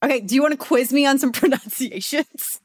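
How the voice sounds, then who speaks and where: A young adult woman co-hosting a casual chat show, animated and quick to laugh. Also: high-pitched, no echo, clean studio sound. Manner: animated, laughing often, playful. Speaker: podcast co-host.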